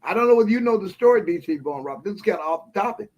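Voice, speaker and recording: A man's voice: high voice, expressive, very fast, darkish tone, muffled recording. A man speaking as a guest in a casual live-stream conversation, earnest and emphatic. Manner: earnest, emphatic, repeats affirmations.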